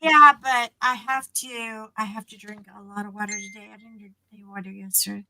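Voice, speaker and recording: A woman's voice: mid-range voice, level tone, fairly quick, bright, forceful tone, dry recording, poor audio. A woman co-hosting a casual chat show, telling rambling stories with lots of fillers. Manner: rambling storyteller with many fillers. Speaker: co-host.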